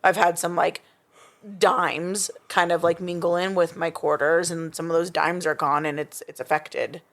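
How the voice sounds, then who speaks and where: A woman's voice: lowish voice, little pitch movement, normal speed, a bit bright. A young woman talking as a podcast guest, rambling with many fillers and restarts. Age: young adult. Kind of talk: casual chat.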